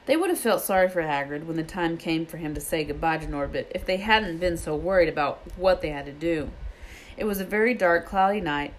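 A woman reading a children's book aloud in a steady storytelling way, with small slips. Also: deep voice, slight background noise. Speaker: reader.

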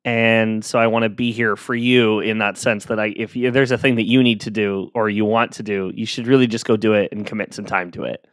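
A man's voice: on the low side, fairly even intonation, brisk, few pauses, dry recording. A man hosting a solo podcast, talking in a rambling, earnest, self-deprecating way with many fillers, close to the mic. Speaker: podcast host. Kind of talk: casual solo podcast monologue.

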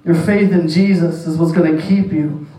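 Male pastor, sermon, high voice, mellow tone, emphatic repeated phrases, distant mic, roomy echo. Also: fairly even intonation, moderate pace. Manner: repetitive, emphatic preaching. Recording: echoey room, distant mic.

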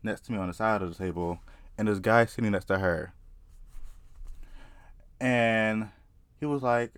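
A young man from South Carolina with a Southern accent, telling a story in a casual, profane, excitable and rambling way. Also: fairly low pitch, unhurried, long pauses, smooth, no room sound. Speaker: vlogger.

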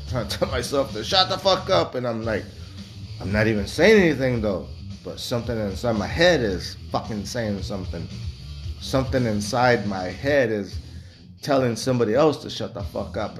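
A foul-mouthed man in his forties rambles bluntly through a candid monologue. His voice sits low, and guitar music plays clearly behind him. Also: lively intonation, moderate pace. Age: 40s. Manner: rambling, heavily profane, blunt.

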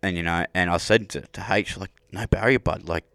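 A man hosts a relaxed interview, chatting easily and scattering "like" through his talk. His voice sits very low. The sound is dry and close. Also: fairly quick, vocal fry, no room sound. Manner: easygoing, fillers like "like" and "you know". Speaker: podcast host. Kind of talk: casual interview chat.

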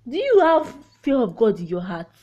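A woman's voice: fairly high pitch, wildly swooping pitch, moderate pace, dark tone, dull audio. A woman with a Nigerian accent hosting a solo podcast, talking heartfelt and frank, laughing through painful topics. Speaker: podcast host. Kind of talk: candid solo podcast monologue.

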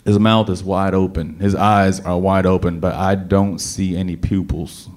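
A man telling a personal story to a live audience, animated, with stammering restarts and sudden bursts of emphasis. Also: deep voice, moderate pace.

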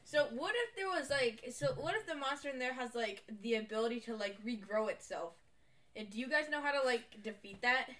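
A woman playing in a tabletop game, chatting casually with quick questions. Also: on the high side, animated, a bit bright, distant mic. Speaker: player.

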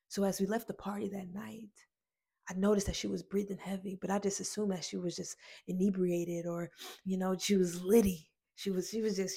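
Telling a personal story in a motivational talk, a woman speaks earnestly and emotionally, calling her listeners friends and repeating key phrases. Her voice is medium-pitched, creaky, mellow and slightly rough.

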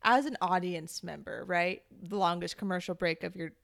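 Woman, podcast co-host, fry in voice, dry close sound, emphatic and blunt. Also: on the low side, normal speed, dry recording. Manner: emphatic, indignant, swears freely. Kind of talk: casual chat about a TV show.

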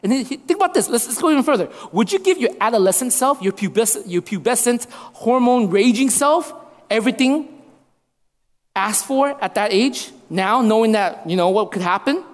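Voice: medium pitch, animated, normal speed. A speaker preaching to an audience, asking listeners to imagine things and often repeating and restarting phrases. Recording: long reverb of a large hall.

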